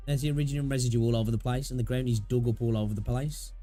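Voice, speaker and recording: A man's voice: medium pitch, fairly even intonation, fast talker, dark tone, faint music behind. A man hosting a gaming channel, reading a game story aloud with casual reactions.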